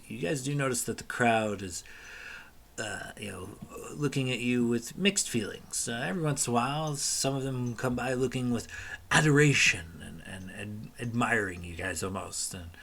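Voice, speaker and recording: A man narrating a tabletop game as game master in a relaxed, rambling way with many fillers. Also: mid-range voice.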